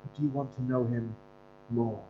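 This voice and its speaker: A pastor and Bible school leader delivers a conversational sermon in a mid-range voice with fairly even intonation at normal speed. His earnest storytelling has some fillers and restarts, and the dull lo-fi recording carries mains hum.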